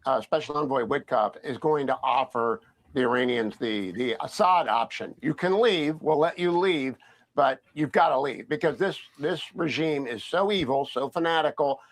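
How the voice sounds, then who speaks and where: A man delivers assertive political commentary in a news-broadcast clip. His voice sits at an ordinary male pitch and he speaks with steady confidence. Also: moderate pace. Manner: firm, assertive.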